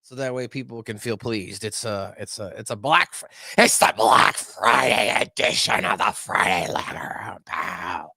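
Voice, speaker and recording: A man hosting a casual wrestling podcast, talking in a jokey, rambling way that swings loud and soft. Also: medium pitch, animated, normal speed, creaky, dry recording. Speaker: podcast host.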